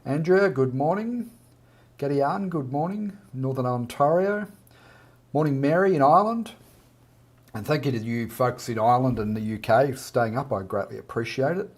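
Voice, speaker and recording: A man's voice: medium pitch, moderate pace, breathy edge. A man with an Australian accent, hosting a casual live art chat and greeting viewers by name as he reads out their comments.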